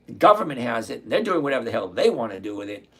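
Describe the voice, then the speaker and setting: A man, hosting a casual trading livestream and chatting with viewers by name, relaxed and quick to laugh. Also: mid-range voice, breathy edge. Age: 60s. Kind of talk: casual livestream chat reading viewer comments.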